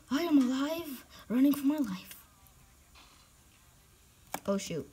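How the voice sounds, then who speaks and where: High, lively woman giving gameplay commentary. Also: slow pace, pauses often. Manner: excitable, reactive, drops to whispers when sneaking. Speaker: gaming channel host.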